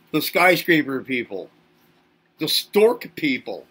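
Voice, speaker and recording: A man's voice: on the high side, animated, takes it slowly, a bit bright, slightly rough. A man hosting a self-help channel, speaking in a playful monologue to camera as if to babies. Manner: teasing, talks as if to babies.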